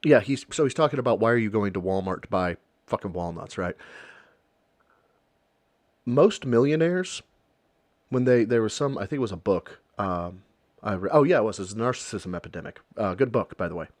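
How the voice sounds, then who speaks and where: A man's voice: fairly low pitch, animated, a little fast, no room sound. Dry-sounding sarcastic male streamer. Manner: sarcastic, profane, rambling asides. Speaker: streamer reacting to a video. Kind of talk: casual reaction commentary.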